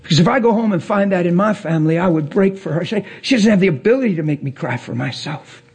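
A man preaching a passionate sermon as pastor of his church, swinging from quiet to loud. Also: lively intonation, fast talker, breathy edge. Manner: impassioned preaching with big pitch swings.

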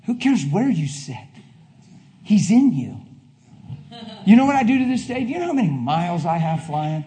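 A male preacher delivering a fervent sermon, swinging between shouted declarations and hushed, intimate asides. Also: high-pitched, sing-song, moderate pace.

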